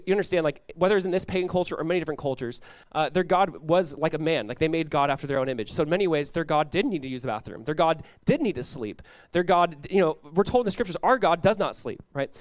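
Young male pastor, high voice, dry close sound, loose conversational sermon delivery. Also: quick pace, clean tone, no echo. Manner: casual, animated preaching with frequent "like" and laughs.

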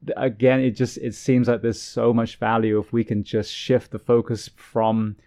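A man's voice: mid-range voice, flat delivery, normal speed, warm tone. A man hosting an interview podcast, asking questions in long, run-on sentences. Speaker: podcast host. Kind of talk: interview host.

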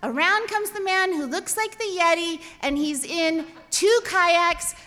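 A woman telling a comic personal story, animated and self-deprecating, with exasperated asides. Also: extremely high pitch, measured pace, background noise. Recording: long hall reverb.

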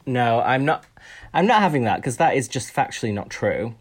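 Chatty expressive man hosting a podcast. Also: medium pitch, normal speed. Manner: chatty, expressive, self-mocking. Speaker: podcast co-host. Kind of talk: casual chat.

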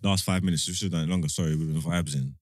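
A man co-hosting a podcast, teasing and excitable in quick banter. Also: sits low, no echo, clean studio sound. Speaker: podcast co-host. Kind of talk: casual banter.

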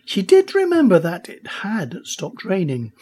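A man reading a children's story aloud, expressive and unhurried. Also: sits high, slightly rough. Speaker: audiobook reader. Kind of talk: storybook narration.

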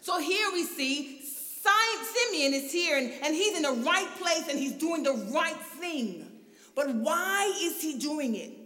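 Bright, high-voiced woman preaching in an echoey hall. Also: unhurried. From from abroad, grew up outside the country. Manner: expressive, builds to shouted fervor. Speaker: guest preacher. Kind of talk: lively sermon. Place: church sanctuary. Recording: echoey hall, mic at a distance.

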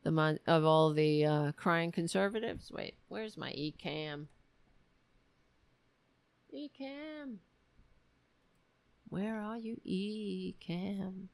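A woman's voice: lowish voice, expressive, extremely slow, gravelly, pauses often, dry recording. A woman hosting a political commentary show, ranting in a sarcastic, mocking and profane way.

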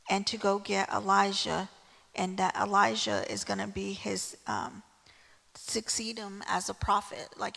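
A woman's voice: mid-range voice, vocal fry, a bit bright, husky, big-room sound. A woman preaching a casual sermon, telling the story in a chatty way with frequent "right?" asides.

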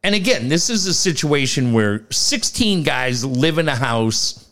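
A man in casual sports banter with a lively, swooping voice that jumps high when he gets worked up. He laughs at his own jokes and talks with easy, animated energy. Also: measured pace. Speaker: podcast co-host.

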